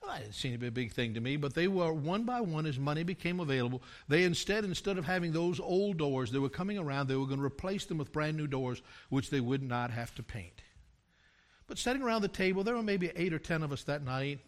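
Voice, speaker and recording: Telling a tale from his pastoral years, an older preacher drives his sermon toward loud, emphatic peaks. His voice is a little high and expressive, and he speaks fairly quickly.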